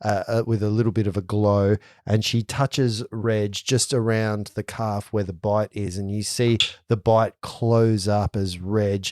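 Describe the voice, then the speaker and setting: A man narrating as game master of a tabletop game, playful and quick to laugh. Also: lowish voice, level tone, darkish tone, no room sound, clean studio sound.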